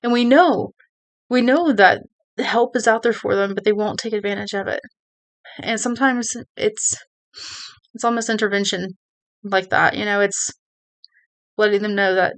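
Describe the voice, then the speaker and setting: A woman's voice: medium pitch, moderate pace, pauses often. A woman talking to her viewers, giving earnest advice in a rambling way, with many restarts and "you know"s. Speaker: video creator. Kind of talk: casual advice talk to camera.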